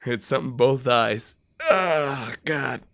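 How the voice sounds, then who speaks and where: A man in his thirties from Michigan, a podcast guest telling crude, loud, profane stories in a casual chat and bursting into shouted re-enactments. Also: mid-range voice, expressive, takes it slowly, creaky, a crowd in the background. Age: 30s.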